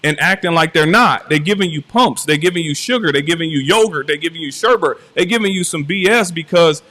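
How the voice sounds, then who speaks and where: A man's voice: a little high, fairly quick, sharp tone. A man who owns a cafe, telling a story with emphatic, preachy delivery in a live-stream conversation. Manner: storytelling, preachy, rising and emphatic when making a point. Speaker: cafe owner and motivational speaker.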